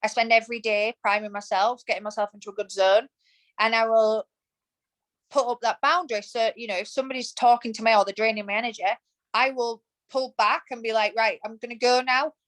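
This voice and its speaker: A woman's voice: on the high side, steady tone, brisk, fairly bright tone, rough recording. A woman in her thirties, a podcast guest, talking in a passionate, emphatic way in a casual interview. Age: 30s. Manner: emphatic and passionate, acts out quoted thoughts.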